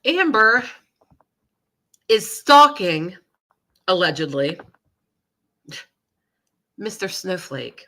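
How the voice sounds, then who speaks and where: A woman's voice: fairly low pitch, lively intonation, takes it slowly, pauses often, bright, forceful tone. A woman live streamer with a nasal voice, getting over a cold, chatting in a gossipy, rambling way with apologetic asides. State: recovering from a cold, sniffly. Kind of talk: casual live-stream chat.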